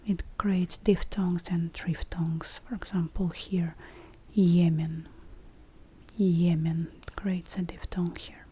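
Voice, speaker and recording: Woman teacher for a whispered role-play, low-pitched, flat and calm, faint room noise under the voice. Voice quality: soft whispering, slow and deliberate. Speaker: language teacher.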